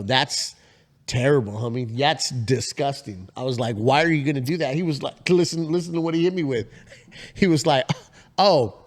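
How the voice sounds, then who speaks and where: A man in his forties, co-hosting a casual podcast, telling a story and acting out the quotes with big jumps in pitch. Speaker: podcast co-host.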